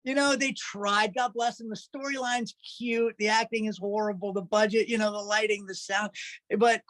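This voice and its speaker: A man's voice: sits high, steady tone, moderate pace, a bit bright, no room sound. A man guest telling stories in a casual interview, chatty and laughing often. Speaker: musician guest.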